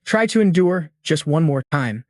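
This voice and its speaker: A man's voice: on the high side, animated, moderate pace, dry recording, studio quality, lightly acted. A man voicing a contemptuous old clan elder in a manhwa recap, speaking with scorn and threats. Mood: scornful.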